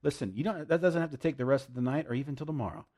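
A man preaching a sermon, emphatic and plain-spoken, with loud bursts, hushed asides and frequent laughs. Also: a little high, racing.

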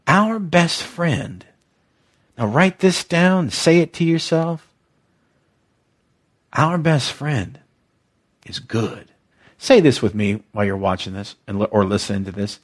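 A man with a husky voice preaches slowly and deliberately, with a lively, swooping pitch. He is exuberant and emotional, and he leads his listeners in call-and-response repetition. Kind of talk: devotional teaching, podcast-style.

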